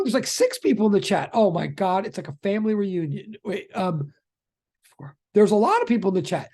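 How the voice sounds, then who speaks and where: Teaching physics in a live online lecture, this speaker uses a mid-range voice at a fairly quick pace, chatty and excitable, and keeps repeating students' chat questions aloud.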